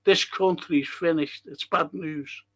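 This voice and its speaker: A man's voice: fairly high pitch, fairly even intonation, slow, a bit bright. A man hosting a livestream podcast, reading out chat comments and ranting heatedly with constant swearing and rhetorical questions. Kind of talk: profane livestream rant.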